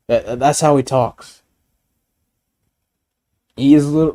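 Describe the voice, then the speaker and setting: A man chats casually and rambles, stammering into restarts, swearing frequently, and breaking into bursts of laughter. His mid-range voice is warm, with fairly even intonation, a slow pace, and long pauses.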